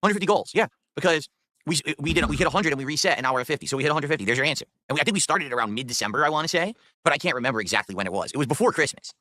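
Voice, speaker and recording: A man's voice: fairly high pitch, expressive, bright, forceful tone, dry recording. A man streaming live, reading out viewer messages and tips and answering chat in a casual, dryly sarcastic way. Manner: fast, chatty, dryly sarcastic.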